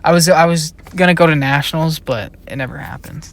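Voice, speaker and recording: A young adult man, a college-age YouTube creator, chats casually through a Q&A, rambling and often trailing off. His voice is fairly high, fairly quick and a bit bright.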